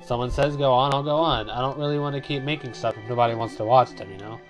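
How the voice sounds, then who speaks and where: A man's voice: medium pitch, fast, faint music behind. A man hosting a casual let's play, rambling through his plans and reading game text, with many fillers and asides.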